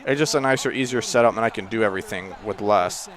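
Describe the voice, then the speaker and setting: A man casually commenting on his own football video game play, rambling between plays and exclaiming loudly when something happens. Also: on the low side, quick pace. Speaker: gaming channel host.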